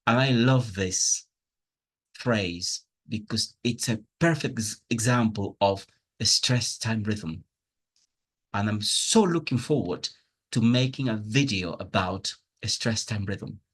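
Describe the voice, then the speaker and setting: Working from slides, a male English teacher walks through a pronunciation lesson, patiently giving spoken examples and clearly enjoying the teaching. His voice is lowish and slightly rough.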